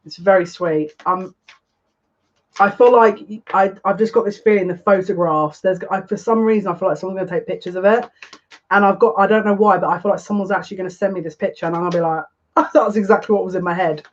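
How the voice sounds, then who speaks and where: Excitable breathless psychic. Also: mid-range voice, fast talker. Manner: excitable, breathless, constantly breaking off mid-sentence. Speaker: psychic tarot reader. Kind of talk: live-streamed tarot reading. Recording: dull lo-fi stream audio.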